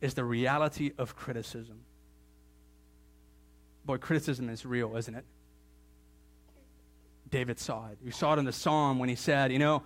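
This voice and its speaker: A man preaching a sermon in church, animated, with joking asides and sudden jumps to a louder, higher voice for emphasis. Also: moderate pace, pauses often. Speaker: pastor.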